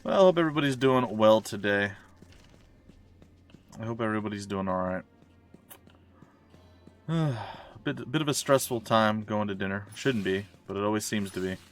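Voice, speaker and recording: A man's voice: lowish voice, animated, moderate pace, pauses often, faint music behind. A man rambling casually and jokingly over his gameplay as a streamer, wandering off into side stories. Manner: chatty, self-mocking, meandering asides. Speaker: let's play streamer. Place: at home.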